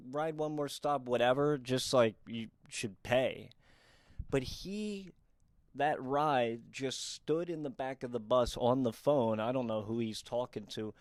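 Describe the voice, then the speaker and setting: A young man telling comic true stories in a quick, deadpan and wry way. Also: medium pitch, no room sound, studio quality. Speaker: comedic storyteller. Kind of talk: storytime comedy monologue.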